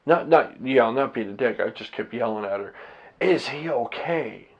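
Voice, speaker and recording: A man's voice: mid-range voice, fairly quick, dull audio. A man talking candidly to his own camera, blunt and profane, rambling with restarts as a husband and father. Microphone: camera set up by himself.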